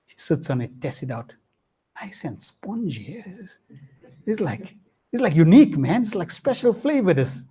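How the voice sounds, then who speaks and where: Male spiritual teacher; mellow, husky, lively storyteller. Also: moderate pace. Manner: lively, swinging pitch, slangy asides and frequent "hmm?". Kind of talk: scriptural class with storytelling.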